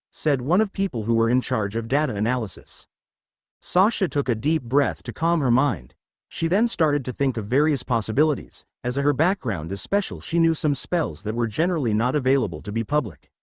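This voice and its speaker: A man reading fan fiction aloud in a plain, steady way. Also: medium pitch, moderate pace, no room sound. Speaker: story reader.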